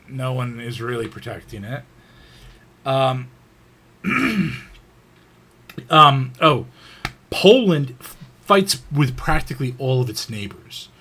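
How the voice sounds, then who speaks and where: A man's voice: medium pitch, a bit bright. A man giving a casual, unscripted history lecture, rambling with frequent fillers and restarts.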